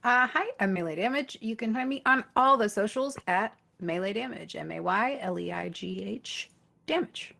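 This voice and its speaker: A woman playing a tabletop game who talks in a quick, upbeat way. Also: mid-range voice, gravelly, sharp tone. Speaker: player. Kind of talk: casual tabletop play.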